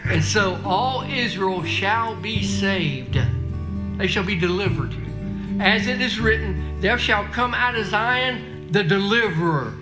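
A man's voice: high voice, expressive, takes it slowly, echoey room, loud music behind the voice. A man preaching a sermon, emphatic and folksy, reading scripture aloud with frequent restarts.

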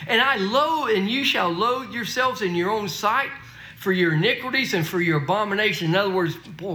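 A man's voice: high voice, lively intonation, moderate pace, sharp tone, echoey room. A man preaching a sermon, emphatic and folksy, reading scripture aloud with frequent restarts.

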